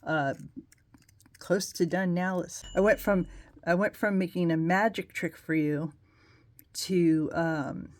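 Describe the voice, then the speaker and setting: Chatty woman host, low dry voice. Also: fairly even intonation, takes it slowly, pauses often, no echo. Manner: chatty, rambling, self-deprecating asides. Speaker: nail polish tutorial host. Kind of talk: casual how-to demonstration.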